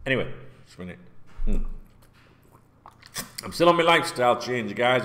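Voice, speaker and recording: A man's voice: mid-range voice, lively intonation, moderate pace, pauses often, fairly bright tone. A man, loose and rambling. He swears constantly and speaks bluntly, drifting from one topic to the next in a casual rant. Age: 40s. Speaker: football vlogger.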